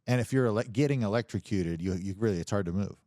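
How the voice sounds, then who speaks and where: A fast-talking man with a lowish, dark voice co-hosts a comedy podcast, recorded in studio quality with no echo. His casual banter rambles, restarts often, and breaks into chuckles mid-sentence.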